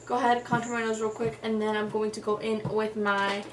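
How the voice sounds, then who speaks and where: A woman's voice: medium pitch, level tone, a little fast, far from the mic. A young woman beauty vlogger telling a story while doing her makeup, chatty and profane, full of "like" and "y'all". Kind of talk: casual storytelling during a makeup tutorial. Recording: voice a little off-mic with faint noise.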